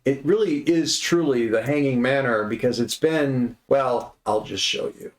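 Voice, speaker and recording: A man's voice: mid-range voice, moderate pace. A man narrating as game master, describing the scene in a rambling way and often restarting his sentences. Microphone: online session audio. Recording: roomy echo.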